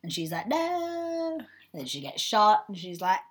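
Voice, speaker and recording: A woman's voice: on the low side, moderate pace, fairly bright tone, breathy edge. A woman in casual film chat, playful and chatty, acting out bits of the scenes. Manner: chatty, playful, acts out characters.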